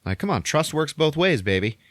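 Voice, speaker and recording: A man's voice: a little high, sing-song, brisk, a bit bright, dry recording, clean studio sound, voice pushed up. A man voicing a tough, defiant young woman, brash and exasperated.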